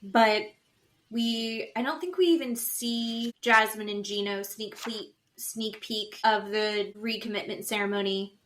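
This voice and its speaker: This podcast co-host, a woman of medium pitch, recaps a reality show casually and at a measured pace. She brings the retelling to life by acting out the cast's lines.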